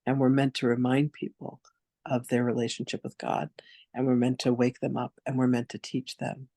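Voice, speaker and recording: A man teaching a spiritual masterclass in a gravelly, husky voice. He talks earnestly and flatly, listing things one after another with little rise or fall. The sound is close and dry. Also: mid-range voice, moderate pace, dry recording. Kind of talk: online masterclass talk.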